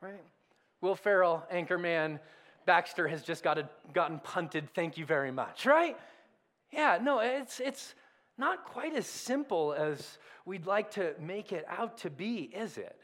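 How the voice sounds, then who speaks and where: A man's voice: high-pitched, expressive, a little slow, a bit bright. A man preaching a sermon in a conversational, questioning way. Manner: conversational, self-deprecating preaching with rhetorical questions. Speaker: pastor.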